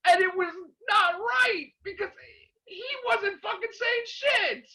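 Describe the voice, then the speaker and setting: A man ranting casually to camera as a vlogger, excitable and rambling, swearing constantly. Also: extremely high pitch, takes it slowly. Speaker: YouTube vlogger. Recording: dull lo-fi recording.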